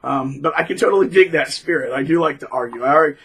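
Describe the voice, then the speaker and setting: A man with a bright, slightly husky voice that sits a bit high. He speaks in a loose, rambling monologue. He is animated and restarts often. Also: fast, rough recording. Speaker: middle school teacher, vlogger. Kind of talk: casual monologue to camera.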